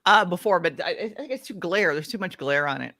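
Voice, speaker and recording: Bright-voiced woman guest joking around. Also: fairly low pitch, animated, brisk. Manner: joking, giggly. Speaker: radio personality guest. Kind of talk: casual interview chat.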